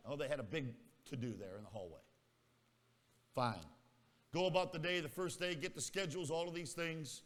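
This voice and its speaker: A man's voice: fairly high pitch, normal speed, a bit bright. A male pastor telling a story in a sermon in a folksy manner, teasing his congregation. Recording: echoey hall reverb.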